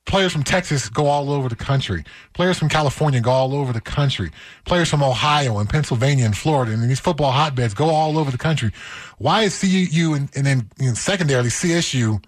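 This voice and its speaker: A man's voice: on the high side, lively intonation, fairly quick, no room sound, clean studio sound. A man who played pro football, a guest on a sports radio show, telling stories in an easygoing way. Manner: easygoing storytelling. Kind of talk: casual radio sports talk.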